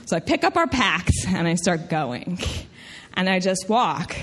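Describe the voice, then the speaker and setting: Southern US woman, stage storyteller, lower voice, emphatic and self-mocking. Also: big pitch swings, unhurried, slightly rough. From Tennessee, US. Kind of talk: live storytelling.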